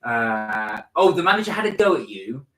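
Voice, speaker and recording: A man's voice: medium pitch, very animated, normal speed, pushed and bright. Male co-host from the West Country, mid-range voice, stop-start delivery in a live chat, echoey room. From West Country, England. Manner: hesitant, full of ums and uhs. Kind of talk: casual live-stream chat.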